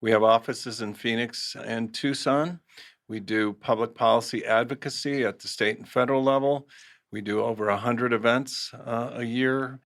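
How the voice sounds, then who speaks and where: A man with a mid-range voice co-hosts a business podcast. He runs through a list of services briskly, in a plain, businesslike tone. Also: medium pitch, fairly even intonation, fairly bright tone. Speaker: podcast co-host, trade association chief. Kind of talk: interview self-introduction.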